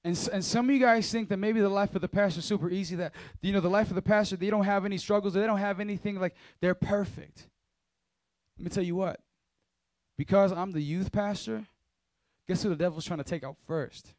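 High-voiced man preaching to youth. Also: steady tone, a little fast, a little mellow, no room sound. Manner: casual, slangy, talks straight to the crowd. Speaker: youth pastor. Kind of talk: energetic youth sermon.

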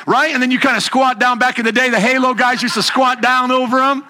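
A man preaching with emphasis, his voice sitting high for a man. The tone is bright and forceful, and he sometimes slips into a mocking higher pitch to mimic scoffers. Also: quick pace, few pauses. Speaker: pastor. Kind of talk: sermon.

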